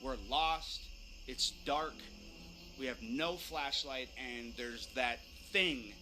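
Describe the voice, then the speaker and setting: Bright-voiced man telling a suspenseful story. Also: mid-range voice, slight background noise. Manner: suspenseful, building tension. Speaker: storyteller recounting a ghost encounter. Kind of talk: dramatic first-person storytelling.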